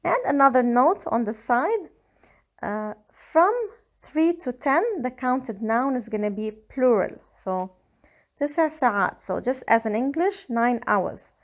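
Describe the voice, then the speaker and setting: A woman with a Lebanese accent, slowly and carefully explaining grammar in a language lesson. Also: fairly high pitch, animated. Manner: slow, careful explaining with Arabic examples. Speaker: Arabic teacher. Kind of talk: scripted language tutorial.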